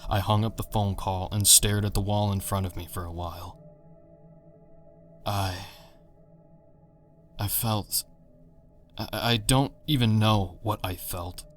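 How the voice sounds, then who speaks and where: Deep-voiced man narrating a horror story. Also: a bit bright. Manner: measured, tense storytelling.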